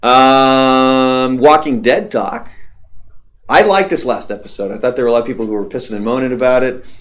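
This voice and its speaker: Man, radio host, hoarse throat, blunt and offhand, casual chat. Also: medium pitch, moderate pace, fairly bright tone. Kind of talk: casual after-show chat.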